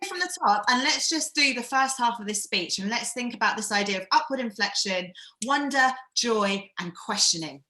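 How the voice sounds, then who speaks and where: Woman running an online acting workshop, bright voice, chatty and encouraging, echoey room on a video call. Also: on the high side, lively intonation, normal speed. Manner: encouraging, chatty coaching with frequent ums. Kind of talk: live-streamed acting workshop.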